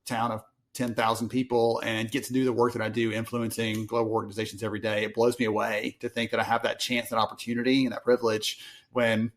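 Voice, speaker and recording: Southern US man, podcast guest, lively anecdotal delivery with quoted voices. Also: mid-range voice, fast. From Alabama, US. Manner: animated storyteller, acts out quoted voices. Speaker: podcast guest, research analyst. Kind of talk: casual interview chat.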